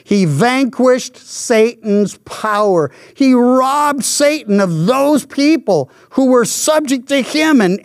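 Slow, emphatic older man preaching. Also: very high voice, no echo, studio quality. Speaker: pastor. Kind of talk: sermon.

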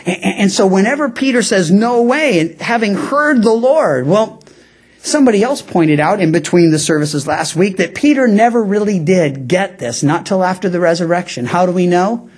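A man's voice: sits high, animated, moderate pace, breathy edge. A man preaching an expository Bible teaching sermon as pastor, in a conversational way with frequent asides, acting out quoted lines.

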